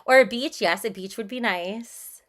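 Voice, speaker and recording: A woman's voice: medium pitch, normal speed, fairly bright tone. A woman livestreaming, chatting casually and bluntly, reading out and answering her chat. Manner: breezy, frank and irreverent.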